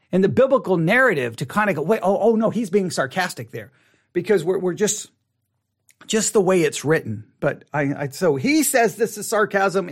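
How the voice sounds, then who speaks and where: A pastor leading an online Bible study in a casual teaching style, talking conversationally and asking the audience questions, with many restarts and repeated words. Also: male voice, high voice.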